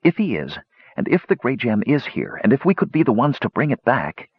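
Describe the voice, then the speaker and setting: An anxious young mage pleads earnestly in a storybook reading, voiced by a man. His husky voice rises and falls widely. The recording is dull and dry. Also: mid-range voice, sing-song, brisk, dry recording, voice pushed up. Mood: hushed. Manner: urgent, earnest.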